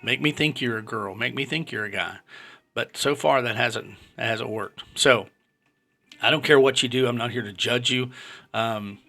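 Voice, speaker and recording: Gravelly blunt man in his fifties. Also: mid-range voice, moderate pace, sharp tone, faint music behind. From United States. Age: 50s. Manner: blunt and opinionated. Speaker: vlogger. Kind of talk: casual monologue to camera.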